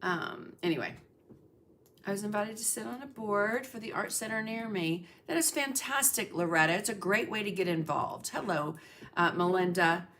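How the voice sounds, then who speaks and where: A woman's voice: medium pitch, lively intonation, moderate pace, a bit bright, slight background noise. A middle-aged woman hosting a casual art livestream, chatting and greeting viewers by name with lots of fillers. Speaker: livestream host, art instructor.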